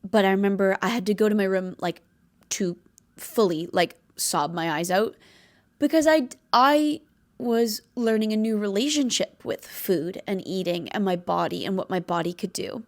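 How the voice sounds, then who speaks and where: A woman's voice: medium pitch, moderate pace. A young woman hosting a podcast, talking in a casual, heartfelt and rambling way, with lots of filler words. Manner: earnest, rambling, filler-heavy, tearful at times. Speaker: podcast host.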